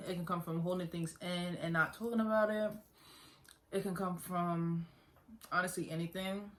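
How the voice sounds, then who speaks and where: A woman's voice: lowish voice, a bit bright. A young woman earnestly telling her own story in a casual vlog, talking conversationally and repeating herself. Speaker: vlogger.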